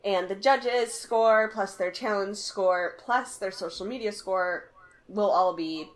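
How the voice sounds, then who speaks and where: A woman's voice: mid-range voice, takes it slowly. A woman co-hosting a casual podcast, recapping a TV show and acting out quotes. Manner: animated, acts out quotes. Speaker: podcast co-host.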